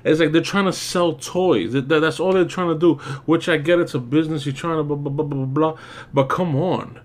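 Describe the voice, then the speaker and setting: A man's voice: a little high, fairly even intonation, a little fast. A man giving a casual spoken movie review as host, ranting and exasperated, with lots of fillers and swearing.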